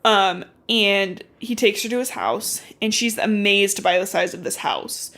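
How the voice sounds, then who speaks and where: A woman hosting a podcast, recapping a book in casual, animated storytelling full of swearing and "like"s. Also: mid-range voice, unhurried. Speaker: podcast host.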